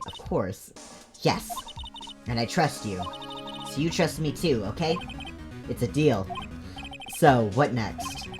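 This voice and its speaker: A woman streamer casually reading all the game's dialogue aloud in her own voice, joking between lines. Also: rumbling low. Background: game music.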